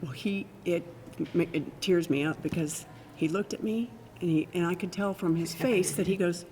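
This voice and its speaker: A woman's voice: fairly low pitch, moderate pace, hardly any pauses, long reverb tail, over a noisy crowd. An older woman, a former state legislator, telling anecdotes in an oral history conversation and often breaking into laughter. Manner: warm anecdotal storytelling, bursts of laughter.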